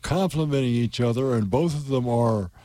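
Unhurried man reading a storybook on radio. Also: medium pitch, dark tone, no echo. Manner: unhurried, folksy, with fillers. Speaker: radio host and reader. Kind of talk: storybook narration and radio chat.

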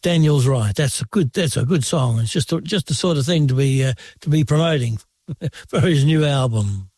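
A man hosting a radio show, back-announcing a song in a relaxed, slightly halting way. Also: medium pitch, dry recording, clean studio sound. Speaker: radio host. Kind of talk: casual radio presenting.

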